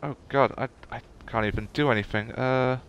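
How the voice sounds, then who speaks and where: A man's voice: mid-range voice, fairly even intonation, normal speed, fairly bright tone. A man streaming a game live, chatting casually and gushing emotionally to his viewers.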